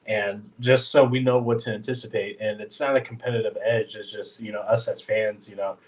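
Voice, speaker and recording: A man's voice: fairly low pitch, fairly even intonation, brisk, far from the mic, rough recording. A man hosting a casual sports podcast, congested and talking in a rambling, filler-heavy way like a frustrated fan. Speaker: podcast host.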